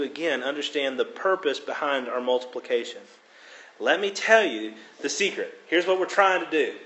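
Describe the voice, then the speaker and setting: A man preaching a sermon, expounding on scripture with expressive emphasis and dramatic quotes. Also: a little high. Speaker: pastor. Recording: echoey room.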